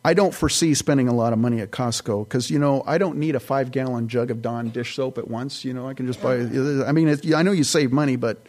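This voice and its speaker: A man's voice: mid-range voice, quick pace, few pauses, darkish tone. A man preaching a conversational sermon, telling everyday stories in a folksy, rambling way with many restarts. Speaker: pastor.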